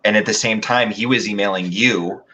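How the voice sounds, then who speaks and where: A man's voice: lowish voice, steady tone, fairly quick, bright, forceful tone, breathy edge, low-quality recording. A man as a guest in a casual chat, telling stories with many fillers and restarts. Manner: rambling, hesitant with many fillers.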